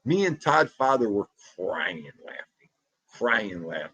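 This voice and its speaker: A man hosting a casual livestream from home, loudly greeting chatters by name and reacting to comments. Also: on the low side, very animated, measured pace, breathy edge, dry recording. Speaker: livestream host. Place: home room.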